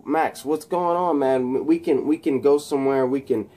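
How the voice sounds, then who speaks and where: A man voicing a young male superhero who urgently tries to calm someone down. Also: mid-range voice, normal speed, lightly acted. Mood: coaxing. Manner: excited, urgent pleading.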